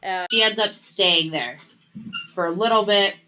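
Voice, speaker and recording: A woman co-hosting a podcast, chatting casually and retelling a book's plot with lively quotes. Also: medium pitch, a little slow, a little hiss or hum, low-quality recording. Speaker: podcast co-host. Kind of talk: casual book chat.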